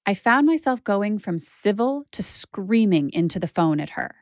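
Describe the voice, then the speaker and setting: A woman's voice: mid-range voice, big pitch swings, moderate pace, no room sound, clean studio sound. A woman hosting a podcast, telling a personal story in a candid, conversational way with lots of "like.". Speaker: podcast host and narrator.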